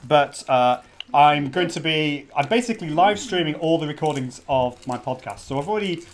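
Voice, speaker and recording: A middle-aged man with a higher-than-average voice and lively intonation hosts a live stream launch party at a normal speed. He's a podcast host doing casual livestream talk, chatty and often restarting his sentences, with kids interrupting him.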